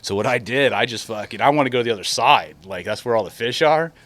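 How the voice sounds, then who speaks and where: A man's voice: mid-range voice, fast talker, fairly bright tone, dry recording. A man on a podcast as a guest, telling rambling, profanity-laced stories in casual chat. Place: lives in Florida.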